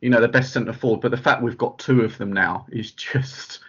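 Husky man chatting loosely. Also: medium pitch, normal speed, fairly bright tone. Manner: chatty, lots of "like" fillers. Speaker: podcast co-host. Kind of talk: casual chat. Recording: dull lo-fi audio.

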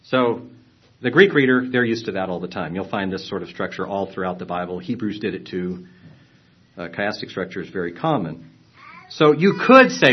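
A man teaching a lesson on Bible translations, explaining earnestly, clearing his throat and restarting phrases. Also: deep voice, animated, normal speed, dull audio, a little hiss or hum.

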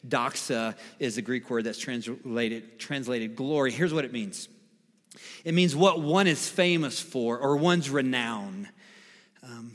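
A man preaching a sermon as pastor, emphatic, repeating key phrases and swinging between quiet and loud. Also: mid-range voice. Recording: long reverb of a large hall.

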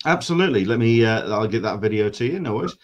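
A man's voice: fairly low pitch, expressive, fast, lo-fi sound. Friendly guy hosting an interview, kinda hesitant, ums and uhs. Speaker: interviewer, host. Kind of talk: casual interview.

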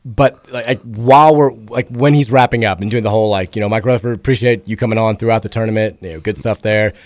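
Male sports radio host, hoarse and raspy with a cracking voice, rambling and self-deprecating, dry close studio mic. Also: fairly low pitch, steady tone, fast talker, dry recording. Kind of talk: casual sports radio chat.

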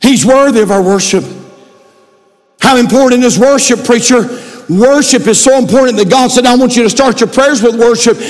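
A male pastor preaching a sermon, building to shouted emphasis. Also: very high-pitched, moderate pace. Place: church sanctuary. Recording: long hall reverb.

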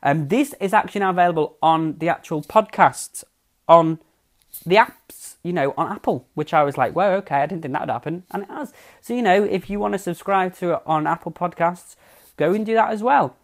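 A woman's voice: lowish voice, moderate pace. A young woman hosting a casual podcast, recapping a TV episode in a chatty, sarcastic way, swearing freely and wandering onto tangents. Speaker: podcast host.

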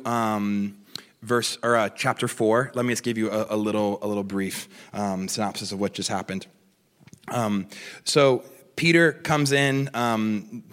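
A man preaching a sermon in a church, animated and conversational, with many restarts and asides. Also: lowish voice. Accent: Australian. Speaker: pastor. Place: church auditorium. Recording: long reverb of a church hall.

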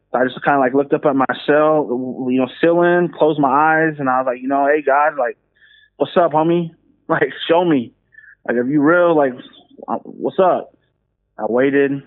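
A man, a minister, telling his story in casual slangy speech and acting out what others said. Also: medium pitch. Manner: slangy, animated, acts out quoted voices. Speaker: guest minister. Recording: phone-like call audio.

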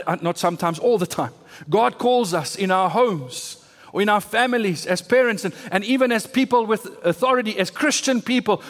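A man preaching a sermon as pastor, pressing his points with emphatic repetition and rising bursts. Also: high voice. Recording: long hall reverb.

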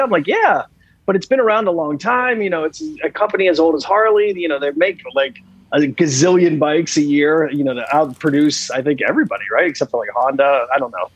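A man guesting on a podcast, telling stories in a lively, rambling way full of fillers. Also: a little high, slightly rough, no echo, rough recording. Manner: animated storyteller with many fillers. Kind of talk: casual podcast interview.

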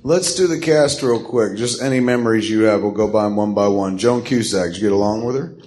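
A man's voice: on the low side, a little fast, a little mellow. A man interviewing his guest casually, asking short prompting questions.

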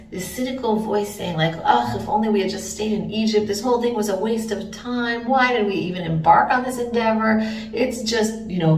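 A woman delivers a Bible teaching with earnest, expressive storytelling. Her voice sits in a middle range and sounds a little distant from the mic. The room is echoey, with faint noise behind her. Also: lowish voice. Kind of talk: recorded teaching message.

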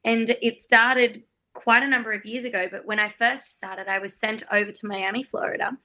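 Bubbly Australian woman, bright voice. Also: on the high side, fairly even intonation, moderate pace. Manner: bubbly, enthusiastic storyteller. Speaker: guest singer-songwriter. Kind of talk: casual interview chat. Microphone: phone guest line.

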